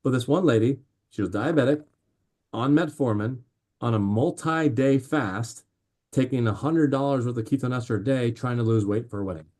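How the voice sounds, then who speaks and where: A man talking as a guest on a podcast, telling animated stories with lots of fillers and restarts. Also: medium pitch, moderate pace. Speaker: podcast guest, drink company founder. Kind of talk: casual interview chat.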